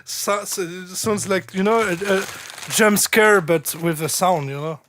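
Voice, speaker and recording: A man's voice: high voice, a little slow, a bit bright, slight background noise. A man hosting a live stream that reviews listeners' tracks, chatting casually, repeating words and breaking into giggles. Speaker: host reviewing submitted tracks.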